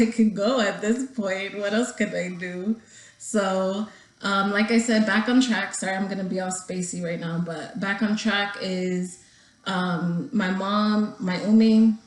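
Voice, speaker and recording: In a personal vlog, a young woman speaks casually and emotionally to her viewers, rambling as she holds back tears. She has a medium-pitched voice, and the low-quality recording echoes.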